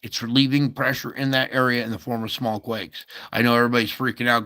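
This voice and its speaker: A man's voice: mid-range voice, level tone, quick pace, hardly any pauses, sharp tone. A man hosting a casual earthquake update, thinking aloud over maps with many fillers and asides. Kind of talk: casual screen-share commentary.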